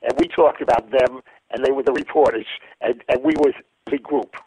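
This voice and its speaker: Husky older man telling stories. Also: mid-range voice, fairly even intonation, warm tone, no room sound, poor audio. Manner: halting anecdotal storyteller. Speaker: guest, former news reporter. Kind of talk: storytelling interview.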